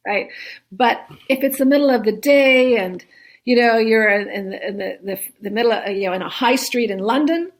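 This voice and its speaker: A woman's voice: fairly high pitch, moderate pace. A woman guest in a conversational interview, chatty, often laughing and ending her points with "right?". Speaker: guest, solo travel expert.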